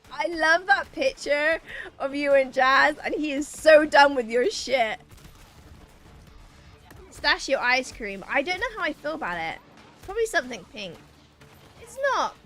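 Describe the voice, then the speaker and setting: A woman's voice: high-pitched, lively intonation, measured pace, long pauses, fairly bright tone. A woman streaming a video game who chats playfully with her viewers, reading their messages aloud and bantering back. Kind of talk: casual chat with a live chat while gaming. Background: faint game music.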